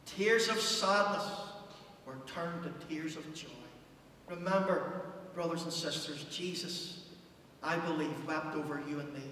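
A male pastor preaching a passionate sermon in a church, surging loud and then falling almost to a hush. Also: a little high, steady tone, measured pace. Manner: impassioned preaching, rising and dropping to near hush. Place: church hall. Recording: echoey church hall, distant mic, faint hum.

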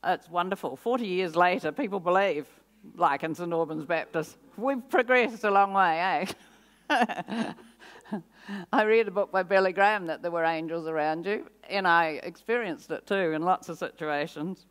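This older woman's testimony at a church service is animated: she reenacts her reactions and laughs a lot as a guest speaker. She speaks with a fairly low pitch at a moderate pace.

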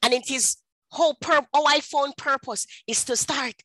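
A woman in her thirties with a Jamaican accent, telling her personal testimony in an animated storytelling way and slipping into patois. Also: high-pitched, unhurried, no room sound, poor audio. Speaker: speaker at a women's ministry.

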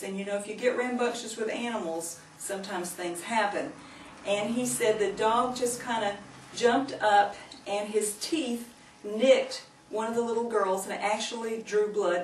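A woman giving a Christian teaching, earnestly telling a story and gently urging her listeners. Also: mid-range voice. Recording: echoey room, mic at a distance, faint noise.

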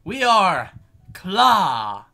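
Man voicing a loud gang leader, booming welcome, high voice, bright tone. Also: very animated, drawn-out words, creaky, heavily acted.

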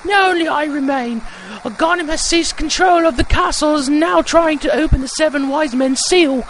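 A pleading captive princess in a very high, strained falsetto, as a man puts her on. Her lines are read aloud from game text, always on the edge of a laugh. A low hiss sits under the voice. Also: moderate pace, fairly bright tone. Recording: game music playing behind.

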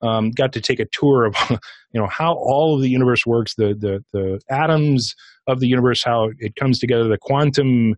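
A middle-aged man, a podcast guest and author, telling a personal experience in a casual, animated way, acting out his own inner dialogue. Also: medium pitch, moderate pace, no echo. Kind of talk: interview storytelling.

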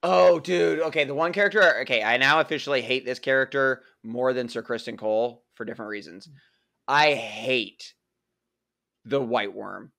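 A man's voice: mid-range voice, moderate pace, creaky. A man co-hosting a casual TV review chat, ranting and swearing about what annoys him. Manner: ranting, swears, animated complaints. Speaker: co-host.

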